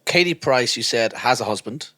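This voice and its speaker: A man co-hosting a podcast, chatting casually and telling animated stories. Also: mid-range voice, moderate pace, dry recording. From Ireland. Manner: animated storyteller, slips into voices. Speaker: podcast co-host. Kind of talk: casual chat.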